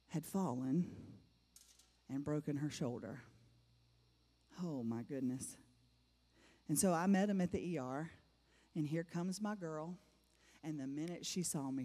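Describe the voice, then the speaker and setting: A woman's voice: sits low, mellow. A middle-aged woman giving a personal testimony to a church congregation, emphatic and repeating phrases for effect. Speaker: church speaker. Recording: long reverb of a large hall.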